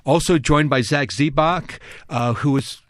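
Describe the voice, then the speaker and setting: A man's voice: a little high, unhurried, fairly bright tone, dry recording. A man from New Jersey who hosts a radio garden show, a horticulturist who chats with enthusiasm and talks at length in a studio. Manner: chatty, enthusiastic, talkative. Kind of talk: casual on-air chat. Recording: dry studio sound.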